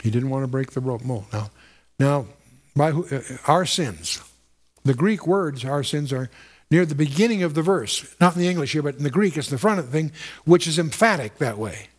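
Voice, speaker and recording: A man preaching a verse-by-verse sermon in an earnest, explanatory way. His voice sits a little higher than most men's. He stops to ask his listeners questions and often restarts a phrase. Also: expressive, moderate pace. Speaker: Bible teacher.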